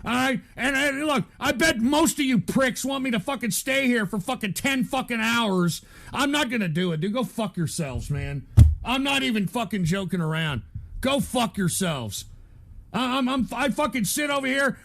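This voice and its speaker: A man's voice: extremely high pitch, expressive, moderate pace, gravelly, a bit bright. An angry man hosting a live commentary show, stammering as he rants and pours out strings of profane insults. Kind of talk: profane ranting at chat.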